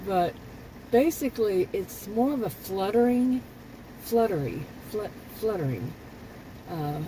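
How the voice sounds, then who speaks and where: A woman's voice: medium pitch, animated, unhurried, noisy background. An older woman vlogging in a casual, rambling monologue, often restarting her sentences and sounding frankly exasperated.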